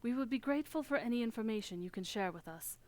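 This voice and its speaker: A woman's voice: on the high side, expressive, fast talker, lightly acted. A woman voicing a formal, earnest young male noble scholar in old-fashioned phrasing, reading game dialogue aloud.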